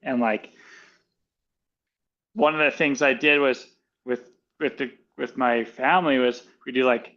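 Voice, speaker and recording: Halting male guest on a dull line. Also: mid-range voice, fairly even intonation, a bit bright. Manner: halting, with many fillers and restarts. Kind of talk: casual chat.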